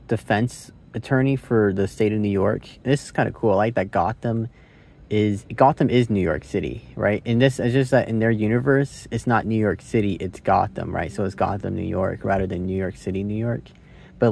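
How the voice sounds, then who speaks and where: Young guy rambling about a movie on his phone, low gravelly voice, swears a lot, lots of likes. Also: moderate pace, a little mellow. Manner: rambling, curse-laden, thinks aloud with many likes and rights. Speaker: movie reviewer. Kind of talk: casual rambling movie review.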